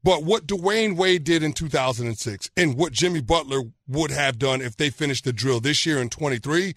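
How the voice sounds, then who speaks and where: A man's voice: a little high, normal speed, fairly bright tone, no room sound, clean studio sound. A man co-hosting a sports talk show, arguing his points emphatically with stumbling restarts. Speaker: sports radio co-host.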